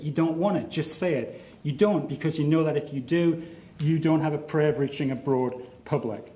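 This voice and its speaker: A middle-aged man giving a formal, measured and emphatic debate speech full of rhetorical questions, heard in a large lecture hall. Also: on the high side, dark tone. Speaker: debate speaker. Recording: echoey hall recording.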